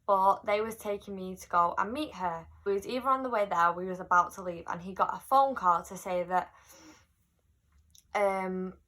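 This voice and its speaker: Bright-voiced young woman, chatty. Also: medium pitch. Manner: chatty, animated retelling with quoted voices. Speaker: vlogger. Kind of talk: casual storytime.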